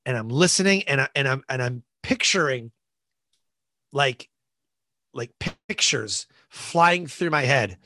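Lively, bright-voiced man telling a story. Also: medium pitch, a little slow, dry recording. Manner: animated, acts out voices in his stories, many fillers like "like". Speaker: podcast guest. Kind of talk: storytelling in a podcast interview.

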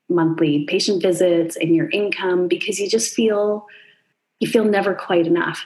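A woman in her forties, a chiropractor co-hosting a podcast, speaks with a lowish voice and a darkish tone. She talks reflectively and thinks aloud in conversational podcast chat.

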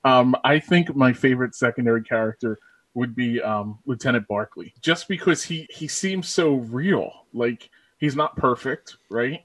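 A man's voice: mid-range voice, normal speed, a bit bright, dry recording, poor audio. Earnest, hesitant man, dry sound. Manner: earnest, hesitant, repeats words. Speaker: podcast co-host. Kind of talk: casual chat.

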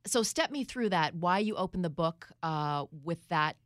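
A woman with a low-pitched voice hosts the conversation, asking questions and reflecting back on what she hears. Her sound is dry and close to the mic. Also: expressive, normal speed, dry recording. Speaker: interviewer. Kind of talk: interview.

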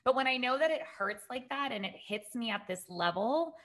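A woman's voice: on the high side, lively intonation, normal speed. Affirming woman podcast host. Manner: warm, affirming, emotional. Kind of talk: casual interview chat.

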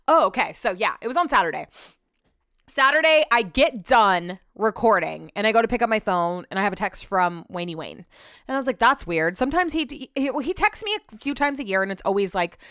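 Young woman podcast host, candid ranting, plenty of swearing, smooth higher voice, dry close sound. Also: a bit bright, dry recording. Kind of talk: solo podcast chat. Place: at home.

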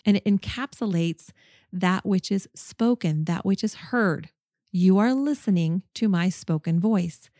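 A woman's voice: mid-range voice, a little slow, dark tone, no room sound, clean studio sound. A woman hosting a podcast, teaching a Bible study in an earnest, enthusiastic and emphatic way, speaking into a microphone. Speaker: podcast host.

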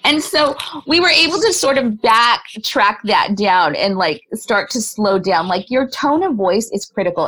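A woman in a remote interview, a body language specialist, explaining her points in a lively way and laughing often. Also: medium pitch, normal speed, low-quality recording. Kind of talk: conversational interview.

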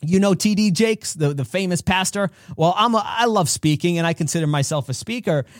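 A man's voice: sits high, a little fast, no echo, studio quality. A man hosting a podcast, giving an earnest, direct faith-based motivational talk full of stories. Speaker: podcast host.

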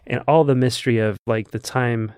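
A man's voice: medium pitch, fairly even intonation, normal speed, darkish tone, clear, resonant tone, dry recording, clean studio sound. A man co-hosting a casual book podcast, earnest and enthusiastic. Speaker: podcast co-host. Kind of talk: casual chat.

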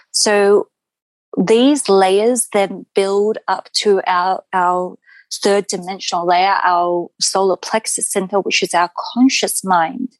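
A woman podcast guest giving a spiritual teaching in slow, measured, flowing phrases, with some ums. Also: mid-range voice, no echo, poor audio.

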